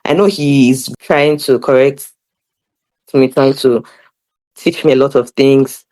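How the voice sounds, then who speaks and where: Young woman, animated, laughing, casual storytelling. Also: very deep voice, a little slow. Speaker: podcast guest.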